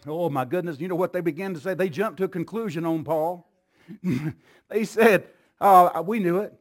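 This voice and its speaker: High-voiced man preaching with rising fervor. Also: moderate pace. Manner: builds from calm storytelling to shouting fervor, repetitive calls. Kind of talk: sermon.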